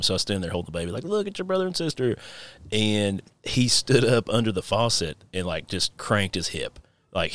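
A man's voice: sits low, no room sound. A man in his thirties hosting a casual podcast, rambling through stories with frequent laughs. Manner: laughs often, rambling and animated storytelling. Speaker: podcast host.

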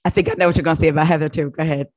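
A woman's voice: sits low, racing. A woman co-hosting a casual chat, laughing often and egging her friend on. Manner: lively, laughs often, eggs her partner on.

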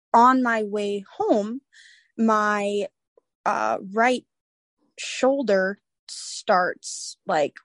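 There's no echo as a twenty-something woman, a guest on a podcast, animatedly relays a personal story in a casual tone. She voices the other characters and laughs often, her voice in the mid range.

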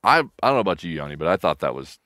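Low-voiced man with lively swings. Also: rapid-fire, no room sound, studio quality. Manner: enthusiastic, stumbling restarts. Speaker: podcast guest. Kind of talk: casual chat.

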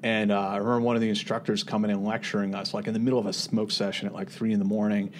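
A male podcast host speaks in a somewhat low voice, relaxed and conversational. He drifts into short stories as he trades thoughts with his guest. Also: very fast, slight background noise. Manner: relaxed, conversational, storytelling asides. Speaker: podcast host, Army veteran.

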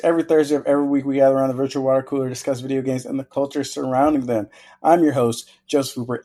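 A man's voice: mid-range voice, steady tone, very fast, mellow. Upbeat rambling male podcast host. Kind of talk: casual chat.

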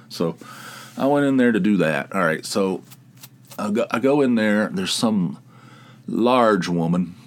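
A man hosting his own podcast, telling rambling, animated stories in casual chat and laughing at them. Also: lowish voice, takes it slowly, pauses often. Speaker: podcast host. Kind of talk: casual solo storytelling.

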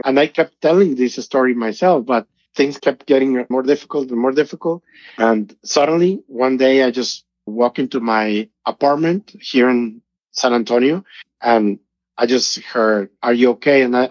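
A man's voice: medium pitch, normal speed, a little mellow, no room sound. Earnest man, lo-fi. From Mexico. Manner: earnest, emotional storytelling. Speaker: guest. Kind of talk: personal testimony in interview. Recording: dull lo-fi audio.

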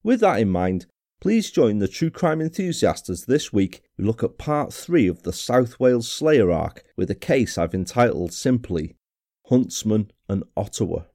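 A man hosting a podcast, telling a true-crime story in a measured, somber way. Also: lowish voice, sing-song, warm tone. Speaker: podcast host. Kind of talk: scripted true-crime narration.

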